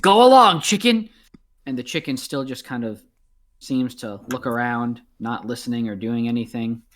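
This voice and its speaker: A man's voice: mid-range voice, level tone, normal speed. Casual man running a tabletop game. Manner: casual, many ums and uhs. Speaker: game master.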